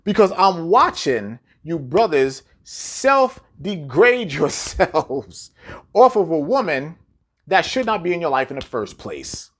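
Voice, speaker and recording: Blunt, exhorting man with lively pitch. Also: takes it slowly. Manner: rhetorical questions, repetition. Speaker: commentator. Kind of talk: preachy monologue to camera.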